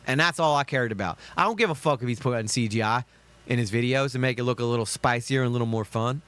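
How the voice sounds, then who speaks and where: A man's voice: mid-range voice, fast talker, a bit bright, smooth. A man with a Southern US accent giving heated, profane reaction commentary on videos.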